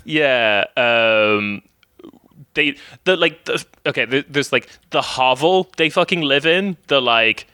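A man's voice: medium pitch, lively intonation, takes it slowly, bright, forceful tone, smooth, no room sound. A man, rambling casually as a podcast guest with lots of fillers and restarts.

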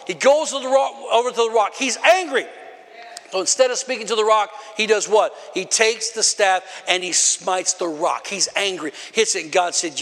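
A man preaching a sermon to a congregation, emphatic and often shouting, calling out to the crowd between points. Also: sits high, fairly quick. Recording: long reverb of a large hall.

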